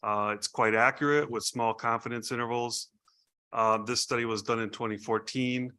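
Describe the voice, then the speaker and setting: A man's voice: mid-range voice, fairly even intonation, moderate pace, sharp tone, clear, resonant tone. A man, a bear biologist, explaining a population study in a matter-of-fact way at a hearing. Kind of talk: expert testimony.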